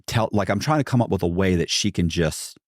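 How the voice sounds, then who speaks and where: A man's voice: sits low, lively intonation, fairly quick, no echo, clean studio sound. A man guest in a podcast interview, telling a long story animatedly and acting out what others said, with many fillers and restarts.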